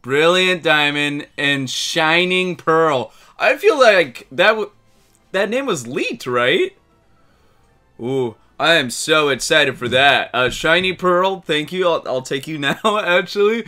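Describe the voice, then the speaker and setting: An excitable young man reacts live in a high, bright voice that swings all over. He talks slowly between outbursts. Faint music plays behind him. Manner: excitable, shouts and laughs in bursts.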